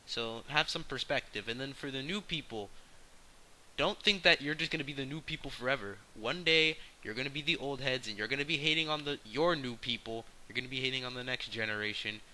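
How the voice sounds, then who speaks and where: A man's voice: a little fast, a little hiss or hum, poor audio. A man talking casually to his camera, giving a blunt, slang-heavy opinion rant full of swearing. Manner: loud and excited early, calmer and lower later. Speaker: vlogger.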